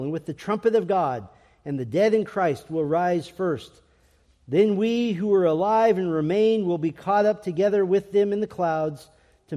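Emphatic preacher in a reverberant hall. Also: male voice, high-pitched. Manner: emphatic, rising to loud proclamations. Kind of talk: sermon. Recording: long reverb of a large hall.

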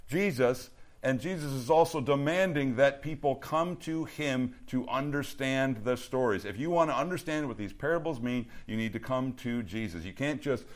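A man delivers a sermon to a youth group in a mid-pitched voice. He speaks earnestly and with emphasis, circling back and repeating key phrases as he builds each point. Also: moderate pace. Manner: earnest, repetitive emphasis with restarts. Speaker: youth pastor.

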